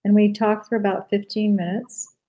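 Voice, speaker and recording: A woman's voice: medium pitch, little pitch movement, moderate pace, dull audio. A middle-aged woman, a guest in a casual interview, telling earnest stories with many fillers. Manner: earnest storytelling, frequent fillers.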